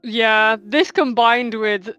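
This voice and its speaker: Animated young-sounding woman, high voice. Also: takes it slowly, clear, resonant tone, no echo, soft background music. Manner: animated, exaggerated and laughing, quoting game lines in funny voices. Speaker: streamer's co-host. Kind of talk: casual gaming chat.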